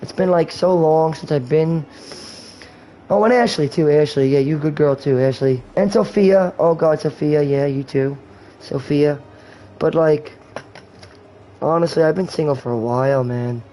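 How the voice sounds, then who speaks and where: A man's voice: a little high, unhurried, mellow, a little hiss or hum, low-quality recording. A man in his twenties talking in a rambling, candid way and swearing often, while hosting a gaming livestream. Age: 20s. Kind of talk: rambling casual chat.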